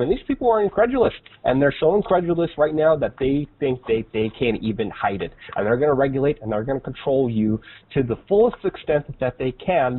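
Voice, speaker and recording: A man's voice: medium pitch, breathy edge. A man hosting a political commentary show, talking casually and indignantly, with lots of fillers. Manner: indignant, rambling with many fillers. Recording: tinny phone-like line.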